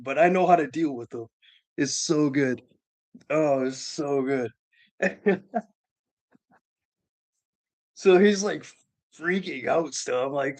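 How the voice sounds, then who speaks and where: A man spins a yarn on a live stream, swearing freely and circling back to repeat his points. His voice sits at an ordinary pitch, and his delivery is loose, crude and emphatic. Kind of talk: profane comedic storytelling.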